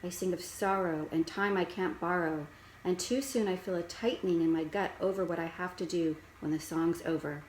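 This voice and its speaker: A woman reading a children's chapter book aloud in first person, with steady, gentle storytelling. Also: on the low side, moderate pace, reverberant, slight background noise, low-quality recording.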